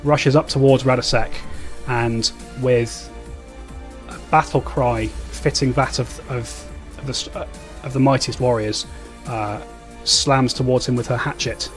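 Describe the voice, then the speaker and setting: A man's voice: mid-range voice, steady tone, faint music behind. A man narrating a tabletop role-playing game as game master, stopping and restarting often. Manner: halting narration with many fillers and restarts.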